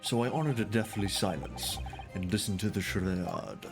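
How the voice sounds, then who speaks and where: A man voicing a haughty, cold aristocratic prosecutor in a slow, disdainful manner, reading from a courtroom game. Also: lowish voice, expressive, creaky, music in the background, voice pushed down. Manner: slow, lofty, disdainful delivery.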